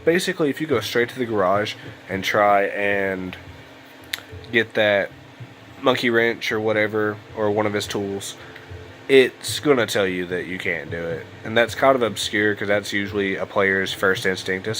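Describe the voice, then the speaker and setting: A man's voice: on the low side, normal speed, a bit bright, a little hiss or hum, low-quality recording. A young man giving casual, rambling gameplay commentary at home late at night, sounding tired and yawning. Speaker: let's play host. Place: home room at a computer.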